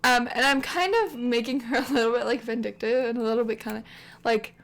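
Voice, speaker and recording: A woman's voice: a little high, fairly even intonation, a little fast, fairly bright tone. A woman hosting a game channel, narrating her life-sim story in a rambling, chatty way with lots of filler words. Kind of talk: casual let's-play commentary.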